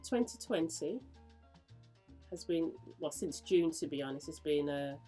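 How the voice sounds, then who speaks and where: A woman hosting a dance interview, asking thoughtful, measured questions. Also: low voice, animated, mellow, faint music behind. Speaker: host. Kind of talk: casual interview.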